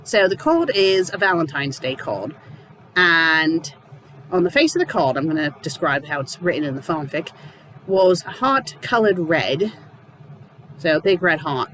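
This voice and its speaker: A young man with a fairly high voice gives a loose, rambling recap of a story he is reviewing. He sounds casual and sardonic, and a faint hum of noise sits behind him. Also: a bit bright, poor audio. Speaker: fan fiction reviewer.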